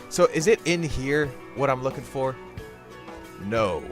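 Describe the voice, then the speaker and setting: A man hosting his own game channel, rambling through silly jokey commentary while he plays. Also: medium pitch. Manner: goofy, jokey, sudden bursts of silly voices. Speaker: gaming YouTuber host. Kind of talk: rambling comedic gameplay commentary.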